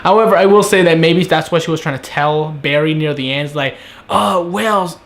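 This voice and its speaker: A young man with a slightly high voice talks through a TV episode in a loose, conversational review. He keeps breaking into quick impressions of the characters' lines before snapping back to his own take. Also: flat delivery. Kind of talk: casual solo review.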